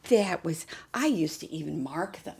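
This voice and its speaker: Woman vlogger, casual chat, dark mellow tone, soft cooing half-whisper. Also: sits low, lively intonation, normal speed. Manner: coos softly to a doll, often half-whispered. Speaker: doll collector and channel host.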